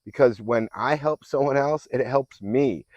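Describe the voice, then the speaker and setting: A man's voice: mid-range voice, a little slow, darkish tone, no echo, lo-fi sound. A man working as a fitness and mindset coach gives an earnest, affirming motivational talk that sometimes rambles and restarts. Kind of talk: motivational self-help talk.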